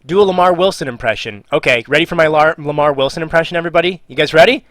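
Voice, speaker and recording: A man's voice: on the high side, racing, fairly bright tone, dry recording. A man on a live stream, reading out viewer questions and answering with jokes, trailing off and muttering while he works. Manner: jokey, reads viewer questions aloud. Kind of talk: casual live-stream chat.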